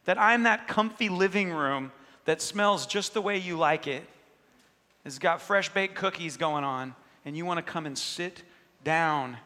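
A man's voice: fairly high pitch, pushed and bright, big-room sound. A man preaching a sermon, earnest and conversational, voicing inner thoughts and prayers as he speaks. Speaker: pastor.

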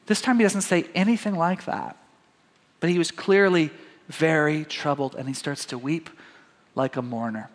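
A man's voice: sits high, animated, moderate pace, fairly bright tone, long reverb tail. A man preaching a sermon, reading scripture aloud and talking it through conversationally with his congregation. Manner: conversational, addresses congregation as "guys". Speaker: pastor.

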